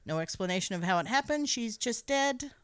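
A woman's voice: on the high side, animated, fairly quick, clean tone, no room sound. A woman co-hosting a podcast, recapping a film in casual chat with a playful, sarcastic manner and frequent laughter.

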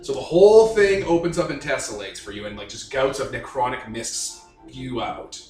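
A man's voice: medium pitch, expressive, moderate pace, a little mellow, echoey room, faint music behind. A man narrating as game master, rambling through descriptions with lots of fillers.

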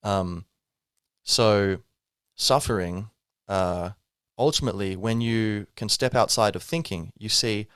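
A man's voice: fairly low pitch, slow pace, fairly bright tone, clear, resonant tone, dry recording, clean studio sound. A man hosting a podcast, musing in a casual, rambling way with wry asides. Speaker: podcast host. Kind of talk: reflective spiritual monologue.

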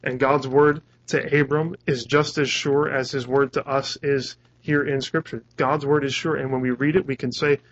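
Male pastor, earnest conversational sermon, middle pitch, muffled lo-fi recording. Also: steady tone, normal speed. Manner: earnest, conversational, restarts words. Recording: dull lo-fi recording.

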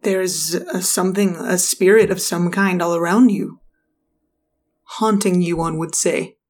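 A woman's voice: on the low side, unhurried, a little mellow. A woman playing a tabletop game, thinking aloud with hesitant restarts. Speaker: player. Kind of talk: tabletop role-play.

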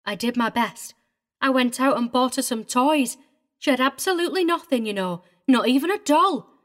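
A prim, tearful middle-aged governess, played by a woman in an audiobook drama. She sits a touch high in pitch and talks in an agitated, wavering way, primly proper even when upset. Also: moderate pace. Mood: vehement, tearful.

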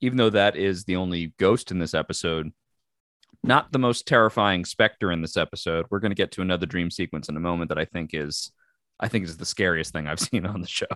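A man co-hosting a podcast, discussing a TV episode in a measured, analytical way. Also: deep voice, a bit bright, dry recording, studio quality. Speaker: podcast co-host.

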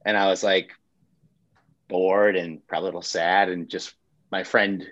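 A man's voice: deep voice, flat delivery, moderate pace, fairly bright tone, dry recording, highs cut off. A man and pizzeria owner telling his story in a casual chat, laid-back, swearing freely and acting out quotes.

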